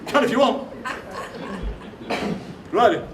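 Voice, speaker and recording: Yorkshire comic poet, middle-aged, high for a man, chatty asides, recorded from far off in a roomy hall with background noise. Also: lively intonation, crowd noise. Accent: Yorkshire, Barnsley. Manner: quick, chatty, jokey asides to the audience. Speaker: performance poet. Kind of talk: comic storytelling on stage. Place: theatre stage before a live audience.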